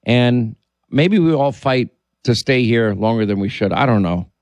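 A man's voice: medium pitch, expressive, measured pace, darkish tone, no room sound, muffled recording. Storytelling man, dry close sound. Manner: storytelling, with many restarts and quoted dialogue. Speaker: podcast host. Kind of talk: casual conversation.

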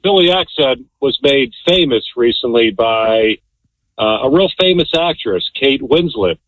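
A man's voice: mid-range voice, expressive, unhurried, no room sound. A man from Delaware County with a Philadelphia Delco accent, calling into a radio show and chatting, filling his talk with "you know". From Delaware County, Pennsylvania. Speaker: radio caller. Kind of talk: call-in chat. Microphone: telephone. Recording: tinny phone line.

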